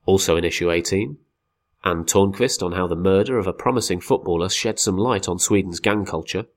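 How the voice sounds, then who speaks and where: A man reading a football magazine article aloud as scripted narration, with a measured, wry storytelling delivery. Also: sits low.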